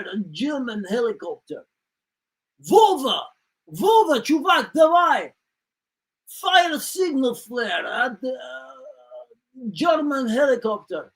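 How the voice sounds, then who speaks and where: A man voicing Russian sailors who shout orders in broken English with a put-on Russian accent. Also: extremely high pitch, exaggerated voice.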